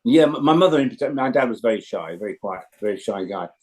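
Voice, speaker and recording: A man's voice: fairly low pitch, lively intonation, fast, darkish tone, rough recording. A man in his seventies from Yorkshire, a veteran actor telling anecdotes as an interview guest. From England, Yorkshire. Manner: chatty anecdotal storyteller. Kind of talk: casual interview chat.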